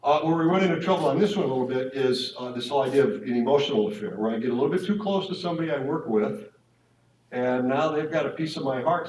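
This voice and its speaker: A man gives a conversational faith talk to couples at a parish marriage evening in a church hall or meeting room, speaking informally and checking in with tag questions. His voice is mid-range with a darkish tone. The room is echoey, the mic is distant, and there's a little hiss or hum.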